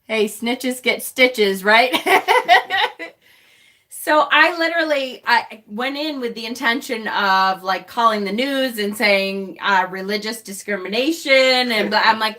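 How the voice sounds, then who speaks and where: A middle-aged woman with a bright, sharp-edged voice, chatting loosely on a livestream. She talks bluntly, swears without a second thought, and laughs often between remarks. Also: a little high, lively intonation, slow pace. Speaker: livestream host. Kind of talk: casual livestream chat.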